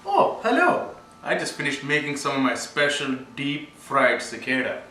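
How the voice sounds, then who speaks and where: A man's voice: mid-range voice, wildly swooping pitch, normal speed, sharp tone, recorded from a distance, slight background noise. A man playing a cheerful cicada chef with a chirpy, showy cooking-show delivery in an amateur mockumentary. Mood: cheery. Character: cheerful middle-aged male cicada chef. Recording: echoey room from afar.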